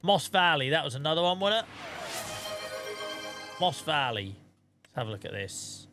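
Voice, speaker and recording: A man's voice: a little high, big pitch swings, moderate pace, over music. A man chatting casually on a live stream while he plays a game, thanking viewers and muttering asides to himself.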